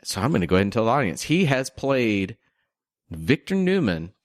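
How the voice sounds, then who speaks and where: A man's voice: mid-range voice, sing-song, fairly quick, no echo, studio quality. A man co-hosting a podcast in casual chat, picking apart film details as he thinks aloud. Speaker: podcast co-host.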